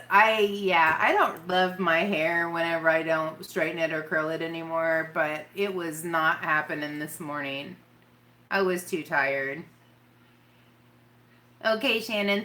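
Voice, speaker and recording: Lady rambling on a makeup livestream, bright voice, giggles a lot, talks to chat. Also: mid-range voice. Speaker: makeup vlogger. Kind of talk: casual live-stream chat.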